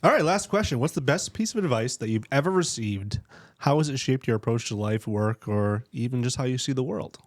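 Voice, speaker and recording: A man's voice: mid-range voice, expressive, brisk. A man in his forties hosting a casual podcast, upbeat and joking. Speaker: podcast host.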